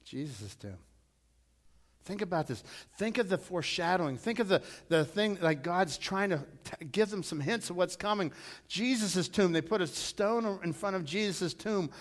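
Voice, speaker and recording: A middle-aged male pastor preaching a storytelling sermon, repeating himself and swelling loud when he quotes scripture. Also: sits high, animated, normal speed.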